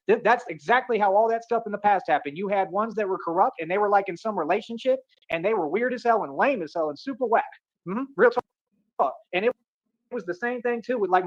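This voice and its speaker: A man from delivers a rapid, swaggering rant. He keeps circling back to the same boasts and pet phrases. The audio is muffled and lo-fi. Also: high-pitched. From Atlanta, United States. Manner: boastful, repetitive, keeps saying "real talk".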